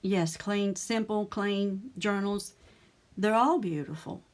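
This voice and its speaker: An older woman hosts a crafting livestream from her home craft room, talking in an easy, unhurried chat. She greets viewers by name as she works and keeps up a friendly running commentary on her scrapbook page. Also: mid-range voice. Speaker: scrapbooking channel host.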